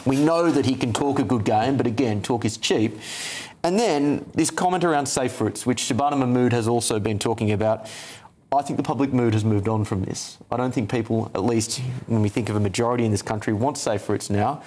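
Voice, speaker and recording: A man hosts a late-night news programme. He runs through the headlines briskly and drops his own opinionated asides between them. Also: medium pitch, darkish tone. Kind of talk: presenting and opinionated commentary.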